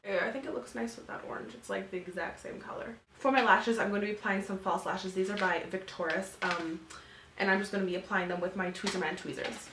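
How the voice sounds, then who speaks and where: A beauty vlogger in her twenties talks briskly through a makeup tutorial, casual, upbeat and packed with fillers. Her mid-range voice is fairly bright with fairly even intonation, and the reverberant recording carries a little hiss or hum.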